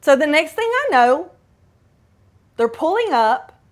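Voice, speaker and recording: Female host, middle-aged, high unhurried voice, confessional storytelling with asides. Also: big pitch swings. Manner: candid, dramatic retelling with asides. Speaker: podcast host. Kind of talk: personal storytelling monologue.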